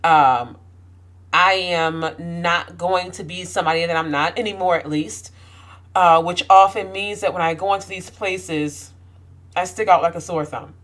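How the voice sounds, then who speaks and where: A woman with a somewhat low voice speaks candidly to her camera, outspoken and passionate. She stops and restarts often, then pushes her points with rising emphasis. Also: measured pace, a bit bright. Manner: outspoken, frequent fillers and restarts. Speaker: vlogger. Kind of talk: candid personal talk to camera.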